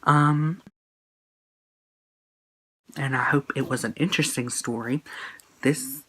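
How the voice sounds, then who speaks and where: A man's voice: medium pitch, steady tone, slow pace, a bit bright, slightly rough, poor audio. A young man vlogging a personal breakup story to his phone camera, earnest and emotional, rambling with fillers and quoted texts. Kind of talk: casual storytime monologue.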